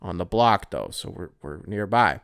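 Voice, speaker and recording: A man from the Detroit area tells a story on his podcast in a loose, rambling way, full of fillers and casual swearing. His voice is smooth and clear. The recording is close and dry. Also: low voice, expressive, normal speed, fairly bright tone, no room sound. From Detroit area, Michigan. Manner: rambling, profane, lots of fillers. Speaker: podcast host.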